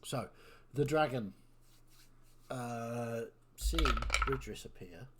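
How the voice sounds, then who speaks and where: A man narrating as game master, prompting players in an easygoing, unhurried way. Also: mid-range voice, husky.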